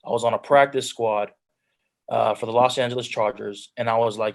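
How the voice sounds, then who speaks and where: Young man, 20s, guest on a video call, earnest storyteller, mid-pitched, plain everyday delivery. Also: steady tone, quick pace. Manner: earnest storytelling, drops into quoted self-talk. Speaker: guest speaker, pro football player. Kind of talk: telling his life story on a video call.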